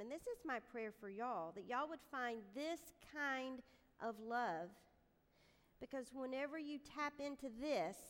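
A woman gives an animated devotional talk, telling stories against herself before moving into scripture. Her voice sits a little high. Her words ring out with long reverb in a large hall. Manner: animated, self-deprecating storyteller. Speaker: speaker at a women's gathering. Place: room with a live audience.

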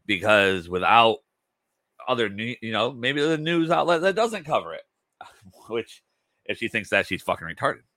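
A man's voice: mid-range voice, sing-song, moderate pace, sharp tone, no echo. A tired man hosting a podcast, reacting to clips with sarcastic, profane commentary. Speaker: podcast host.

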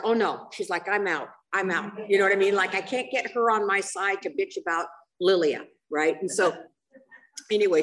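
An older woman with a lowish voice shares her story at a recovery meeting in a rambling, candid, self-mocking way. Her talk is full of fillers and side remarks. The mic picks her up from a distance. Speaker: speaker sharing at a recovery meeting. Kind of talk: candid personal testimony. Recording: voice picked up from a distance.

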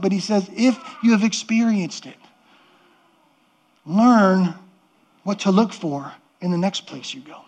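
In an earnest, conversational sermon, a middle-aged man preaching as pastor keeps repeating and restarting words. His voice sits high.

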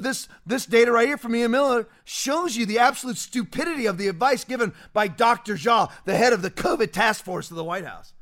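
High-voiced man ranting on air. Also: fairly bright tone. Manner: ranting, combative, repeats phrases for emphasis. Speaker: commentary show host. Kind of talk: heated political commentary.

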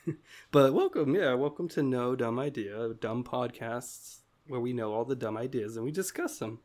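A man co-hosting a comedy podcast, playful and quick to laugh, in casual banter. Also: medium pitch, darkish tone. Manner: playful, laughs often, mock storytelling. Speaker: podcast co-host.

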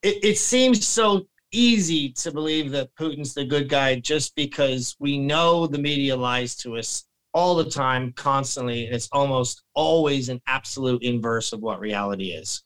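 A man's voice: medium pitch, normal speed, few pauses, fairly bright tone, clean tone, rough recording. A man on a podcast in rambling, heated casual chat, often slipping into mocking voices.

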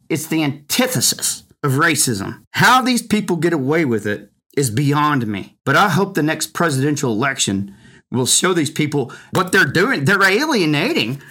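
A man's voice: fairly high pitch, sharp tone, husky. A male commentator giving an indignant, emphatic opinion monologue with rhetorical flourishes. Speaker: political commentator.

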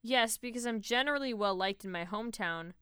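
A woman's voice: on the high side, brisk, bright, forceful tone, clean tone, no room sound, studio quality. A woman co-hosting a casual podcast, reading quiz questions and answer options aloud in a matter-of-fact way. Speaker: podcast co-host.

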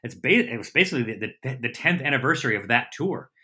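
A man's voice: mid-range voice, breathy edge. A middle-aged man, a comedian and TV host, telling a casual, rambling story as a podcast guest and correcting himself as he goes. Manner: lively, rambling storyteller with quick self-corrections.

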